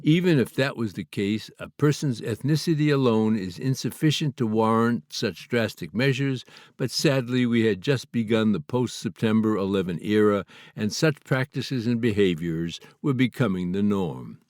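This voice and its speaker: A man from Canada reading his own memoir aloud in a measured, earnest, slightly formal way. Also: fairly low pitch, darkish tone, dry recording, clean studio sound. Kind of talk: memoir audiobook narration.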